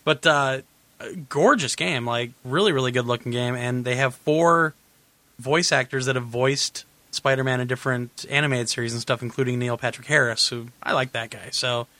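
A man hosting a gaming podcast in casual chat, rambling and correcting himself, laughing often, a little hoarse. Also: mid-range voice, normal speed, sharp tone, no echo. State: losing his voice. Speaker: podcast host.

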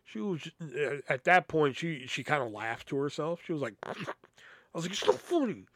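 A man's voice: fairly high pitch, animated, moderate pace, a bit bright, dry recording. A young man hosting a podcast, telling rambling personal stories in a casual, exasperated way with plenty of swearing. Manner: rambling, profane, exasperated storytelling. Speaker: podcast host. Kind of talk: casual storytelling.

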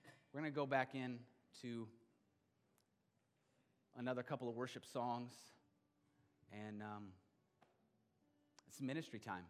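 A middle-aged male pastor delivering a sermon, swinging between loud emphatic bursts and quiet, intimate stretches. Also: medium pitch, fairly even intonation, measured pace, long pauses. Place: church sanctuary. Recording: long hall reverb.

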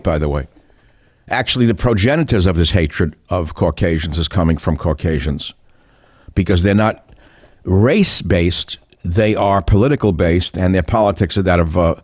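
A man's voice: low voice, lively intonation, moderate pace, a little mellow, no echo. An older man hosting a political talk radio show, combative and sarcastic, firing off rhetorical questions.

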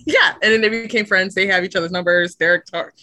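A young woman chatting casually with friends, expressive and laughing often as she acts out what others say. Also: medium pitch, fairly quick, dry recording, low-quality recording. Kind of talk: casual chat among friends.

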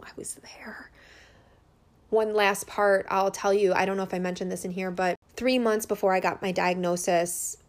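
A woman in her thirties talks straight to her viewers in an earnest, heartfelt personal vlog. Her voice sits a little low for a woman. She rambles unscripted, leaning on fillers as she speaks. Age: 30s. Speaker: holistic healer and business owner.

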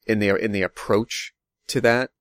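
A man's voice: on the low side, steady tone, moderate pace, fairly bright tone, clean tone, no echo, studio quality. A man discussing a movie in casual chat, rambling and thinking aloud with lots of fillers.

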